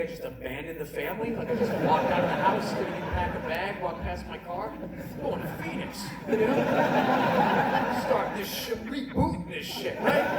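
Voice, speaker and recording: A man's voice: high voice, heavy background noise. A middle-aged man doing a stand-up comedy routine, ranting and cursing with self-mocking storytelling. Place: large indoor comedy venue. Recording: distant echoey live hall, loud crowd. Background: roaring audience laughter.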